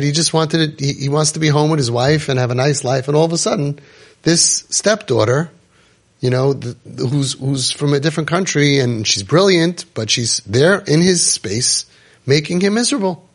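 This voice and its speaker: A man's voice: fairly high pitch, breathy edge. A middle-aged man hosting a podcast, telling a story vividly and acting out what other people said. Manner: vivid retelling that acts out other people's words. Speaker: podcast host and parenting guide.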